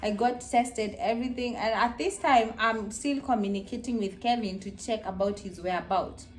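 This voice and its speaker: A woman's voice: a little high, moderate pace. A young woman casually telling viewers her birth story, acting out her screams and the voices of others. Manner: animated, acts out her screams and quotes.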